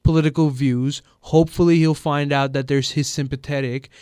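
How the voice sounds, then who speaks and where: A man's voice: a little high, steady tone, normal speed, mellow, smooth, dry recording, clean studio sound. A man in casual chat, telling a story loosely with lots of fillers.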